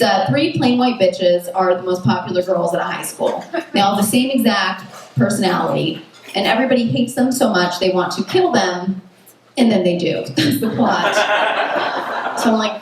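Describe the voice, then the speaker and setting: A young woman performing a stand-up comedy set, chatty and self-mocking, full of "like" and "you know what I mean". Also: mid-range voice. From United States. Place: comedy club stage at a festival. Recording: very echoey distant room recording with noise. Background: audience laughter.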